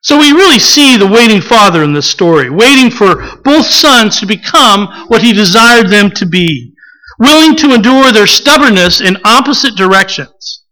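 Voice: medium pitch, animated, moderate pace, sharp tone, low-quality recording. A preacher giving a sermon, acting out quotes from scripture and putting questions to the listeners.

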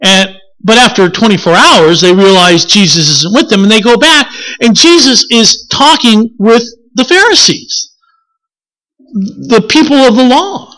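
A preacher delivering a sermon in an expressive style, asking the congregation questions and correcting themselves as they go. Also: medium pitch, measured pace. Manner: corrects themselves mid-sentence.

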